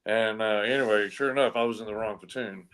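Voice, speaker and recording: A man's voice: fairly low pitch, quick pace, crowd noise. A man telling a long story in casual chat, rambling with lots of "and anyway" fillers and easy swearing. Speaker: comedy podcast co-host telling a story.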